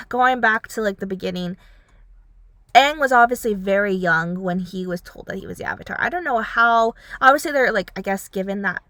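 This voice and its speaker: In a dry recording, a young woman with a mid-range voice and moderate pace rambles through a casual review of a series. Her talk is thick with "like" and "um," and she acts out the characters' lines with animation.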